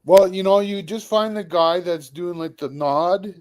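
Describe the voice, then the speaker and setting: A man's voice: high voice, a little slow, a little mellow. A man co-hosting a casual chat, cracking dry, teasing jokes.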